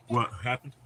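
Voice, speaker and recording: A man's voice: medium pitch, fairly bright tone, a little hiss or hum. A man hosting a livestream, chatting casually with viewers, laughing often and swearing freely. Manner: profane, laid-back, laughs often. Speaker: livestream host.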